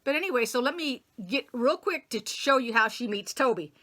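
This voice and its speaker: A chatty woman with a bright, forceful voice sits somewhat high in her range. She retells a story in a rambling way, acting out each character's lines and laughing now and then. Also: animated, brisk. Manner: laughs often and admits forgotten details. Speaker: quilting channel host. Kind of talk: casual book retelling.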